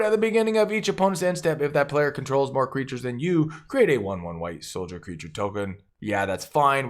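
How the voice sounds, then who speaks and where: An enthusiastic man hosting a deck review, talking fast and casually with jokes and sudden exclamations. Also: mid-range voice. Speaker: channel host reviewing a card game deck.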